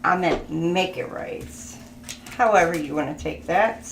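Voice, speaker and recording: Woman tarot reader, casual, slow-paced and chatty, recorded in an echoey room. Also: lowish voice, vocal fry. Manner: chatty, laughs, thinks aloud. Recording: echoey room with background noise.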